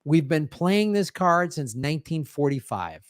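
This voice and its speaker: A fired-up man rants through his political commentary in a high, bright-edged voice. He keeps circling back, restarting sentences and piling on exclamations. The sound is close and dry, with no room around it. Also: sing-song, unhurried, few pauses, dry recording. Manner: emphatic, rambling, talks over clips with restarts. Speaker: political commentary show host.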